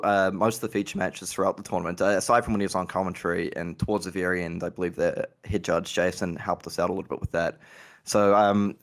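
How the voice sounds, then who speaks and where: A man being interviewed on a podcast, telling casual stories and laughing often. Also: deep voice. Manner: chatty anecdotal storyteller, laughs often. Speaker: guest, organized play manager.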